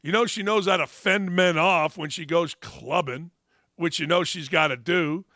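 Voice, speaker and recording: A middle-aged man hosting a sports talk show, delivering a mocking monologue with sudden loud shouted bursts. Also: a little high, moderate pace, no echo, studio quality.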